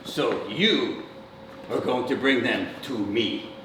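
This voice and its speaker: A man performing live improv, speaking slowly as a scheming villain. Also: mid-range voice, noisy background. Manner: slow, scheming villain delivery. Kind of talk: live improv comedy scene. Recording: echoey distant mic in a hall.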